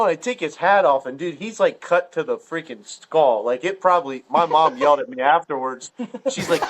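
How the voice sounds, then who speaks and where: A man's voice: sing-song, fairly quick, fairly bright tone. Rambling, profane male storyteller. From Ohio. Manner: rambling, profane storyteller full of filler words; acts out quoted dialogue with jumps in pitch. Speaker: podcast guest storyteller. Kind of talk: casual chat.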